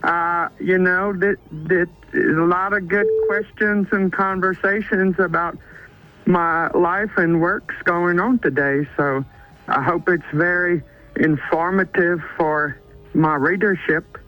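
A man doing a folksy, boastful author who rambles along in a fairly high voice. The call comes through muffled on a phone line into a radio show, with faint music under it. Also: fairly even intonation. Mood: cheery. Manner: slow, rambling, filler-heavy delivery. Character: folksy self-promoting male author. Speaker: caller.

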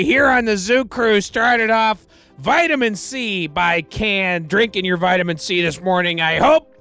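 A male radio DJ and host speaks into a studio mic in a high, bright, sharp voice, with faint music beneath him. Unhurried and clean-toned, he drifts through casual patter between song credits, wry and self-deprecating, dropping deadpan asides and restarting sentences.

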